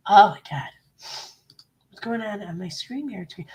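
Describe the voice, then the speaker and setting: A woman live streamer, sick with a bad cold and clearing her throat, chatting bluntly and swearing freely as she greets her viewers. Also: medium pitch, lively intonation, extremely slow, long pauses. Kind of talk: casual livestream chat.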